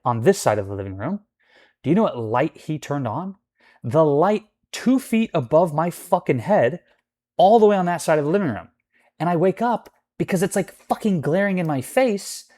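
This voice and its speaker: This male vlogger's voice sits on the higher side, with a darkish tone, lively intonation, and a moderate pace. In a casual storytime rant, he rambles and curses about a roommate, leaning heavily on fillers like "like."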